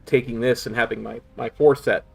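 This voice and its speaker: Gravelly man with a slight lisp. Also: medium pitch, steady tone, a little fast. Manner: rambling, chatty with viewers. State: sore injured tongue. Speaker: game streamer. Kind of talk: casual live-stream chat.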